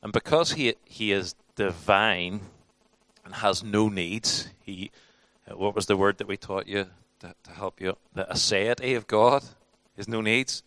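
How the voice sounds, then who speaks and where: A man's voice: fairly low pitch, steady tone, unhurried, fairly bright tone, no room sound. A man teaching a church class in a conversational, informal sermon style, with frequent restarts and acted-out quotes.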